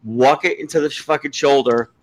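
A man's voice: medium pitch, fairly even intonation, normal speed, rough recording. A man from New Jersey in casual chat, telling a story bluntly and swearing freely.

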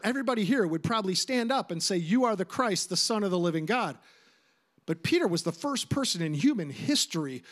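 Man, middle-aged pastor, high-pitched, emphatic conversational sermon delivery. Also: fairly bright tone. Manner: emphatic, repeats phrases for stress, conversational asides.

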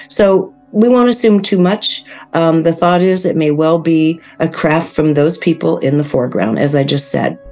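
A woman's voice: sits low, a little mellow. A woman hosting a solo commentary video, speaking in a conversational way with frequent fillers and self-corrections. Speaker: host.

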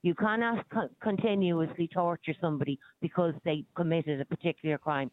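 A woman's voice: lowish voice, fairly even intonation, brisk, dry recording. A woman calling into a radio debate, firmly insisting on being heard. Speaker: caller. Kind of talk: call-in debate. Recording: tinny phone line.

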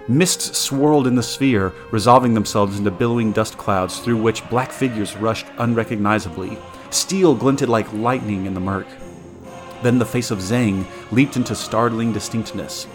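A man narrating a story aloud as a podcast co-host, steady with occasional stumbles and restarts. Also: fairly low pitch, moderate pace, over music.

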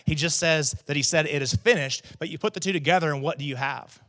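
A man preaching a sermon as teaching pastor, talking in a conversational way with asides to the congregation, then rising to loud, emphatic proclamations on key phrases. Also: a little high.

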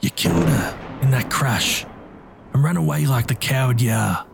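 A man voicing a calm, stern older man who speaks coldly and accusingly. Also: medium pitch, moderate pace, vocal fry, music in the background. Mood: grim. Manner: calm and cold.

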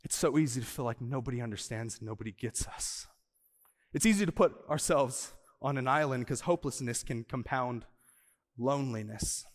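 Man preaching in a reverberant church hall. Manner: swings from soft and slow to loud and high for emphasis, with light laughs. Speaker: pastor. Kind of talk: sermon. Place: church auditorium.

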